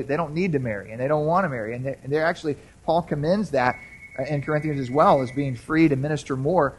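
A man with a somewhat high voice preaches a Sunday sermon in a church. He talks to the congregation in a conversational way, restarts his phrases often, and keeps asking whether they follow him. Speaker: pastor. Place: church sanctuary.

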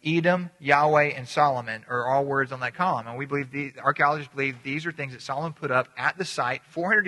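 A pastor preaches a sermon in an animated, conversational style, acting out little voices with sudden jumps in pitch. He often restarts his sentences haltingly and repeats words. The recording has a long hall reverb.

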